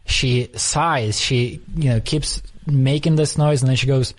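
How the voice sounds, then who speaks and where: A man's voice: mid-range voice, unhurried. A man in casual conversation, telling a story thoughtfully, often restarting as he searches for words. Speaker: podcast conversation partner.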